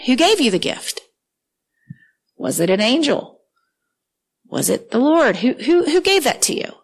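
A woman preaching a sermon with earnest, animated delivery, often repeating words as she reads scripture aloud. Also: a little high, rough recording.

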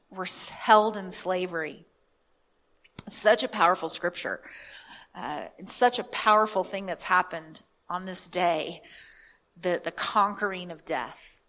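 Slow, emphatic woman preacher. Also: lowish voice, a bit bright. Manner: slow, emphatic reading with drawn-out words. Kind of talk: sermon with scripture reading.

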